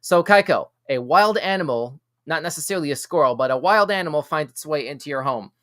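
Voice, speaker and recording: A slightly higher-pitched man hosts a live weird-news reaction show, reading items aloud and cutting in with jokes, sometimes stumbling over his own words. His voice sits dry and close, with almost no room sound behind it. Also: no room sound. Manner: reads items aloud, then reacts with quick jokes and asides; stumbles and repeats words when excited. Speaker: show host.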